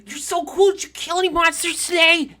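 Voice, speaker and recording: A woman voicing a crowd of small fantasy children who squeal with excitement. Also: very high voice, brisk, voice pushed up. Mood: excited. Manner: squealing, awestruck.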